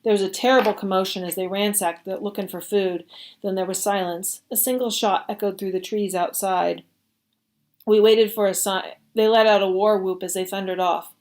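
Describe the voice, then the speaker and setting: A woman reading a story aloud at a service, with an expressive, measured storytelling manner. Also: mid-range voice. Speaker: reader.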